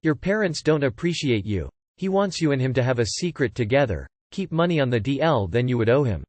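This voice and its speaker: A man narrating online forum posts aloud in a steady, scripted reading style. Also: mid-range voice, brisk, no room sound.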